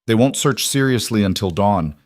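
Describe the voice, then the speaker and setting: A man voicing a nervous but helpful young man leading an escape, talking in a hurried, breathless way. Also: on the low side, lively intonation, dry recording, clean studio sound, lightly acted.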